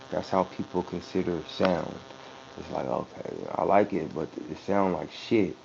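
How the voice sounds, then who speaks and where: A man with a fairly low voice talks casually about his music, loose and full of restarts. His speech is profane and meandering. The recording is dull and lo-fi, with a faint mains hum underneath. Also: darkish tone. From San Francisco Bay Area. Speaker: rapper. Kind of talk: casual interview talk.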